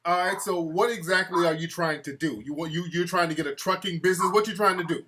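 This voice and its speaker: Male call-in host, fairly high and bright, casual and teasing. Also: quick pace. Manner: loose, mocking, repetitive. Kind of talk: casual live-stream talk show.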